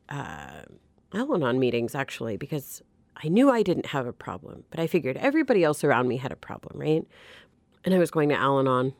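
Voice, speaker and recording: A middle-aged woman with a low, deep-set voice tells her own recovery story in a candid, earnest way. She often breaks off and restarts her sentences. The recording is dry and close, with no room sound. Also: creaky, darkish tone, dry recording. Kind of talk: personal testimony.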